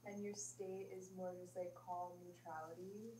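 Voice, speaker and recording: A woman in the audience who asks the presenter curious, gently probing questions. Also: fairly low pitch, little pitch movement, normal speed, breathy edge, low-quality recording. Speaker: audience member asking questions.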